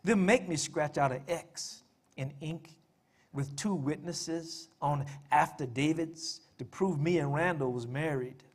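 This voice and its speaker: A tired, unlettered widow speaks in plain folk dialect, as a man reads her lines in a poem. The verse comes slow and measured, and the voice sits a little high. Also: breathy edge. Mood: weary, defiant. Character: illiterate weary Civil War widow woman. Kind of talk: poetry reading.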